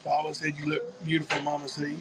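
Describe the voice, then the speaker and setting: A joking man with a slightly high voice chats casually with his wife during a date night stream. Loud restaurant noise hums behind him, and he laughs easily between remarks. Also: monotone, brisk. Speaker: vlogger on a date night livestream. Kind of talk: casual chat. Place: restaurant, then picking up takeout.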